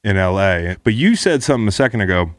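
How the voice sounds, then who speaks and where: A man hosting an interview, a former player himself, asking questions in a relaxed conversational way. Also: on the low side, fast talker. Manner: relaxed, conversational, brief affirmations. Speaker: podcast host, former player.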